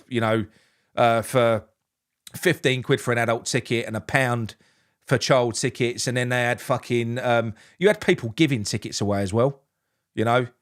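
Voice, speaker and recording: A man's voice: mid-range voice, a bit bright. A man hosting a live fan reaction stream, reading out chat messages and venting his frustration with plenty of swearing and restarts. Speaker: fan channel host.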